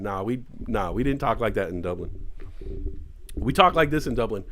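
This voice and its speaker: A man's voice: fairly low pitch, animated, moderate pace, long pauses, fairly bright tone. A middle-aged man from California's East Bay hosting a casual live-stream morning show, rambling and joking. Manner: rambling, joking, puts on tough slang voices.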